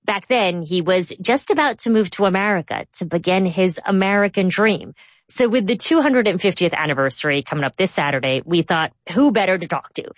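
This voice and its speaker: A woman hosting a news podcast, narrating a scripted story in a measured, clear way and interviewing a guest. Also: on the low side, no room sound. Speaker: host.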